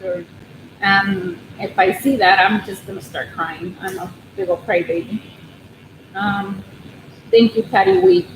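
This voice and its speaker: A woman hosting a casual livestream from her living room, nervous and rambling, with many ums and restarts. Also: mid-range voice. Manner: nervous, soft-spoken. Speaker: crochet channel host on a livestream. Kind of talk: casual live chat with viewers. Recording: roomy room with steady background noise.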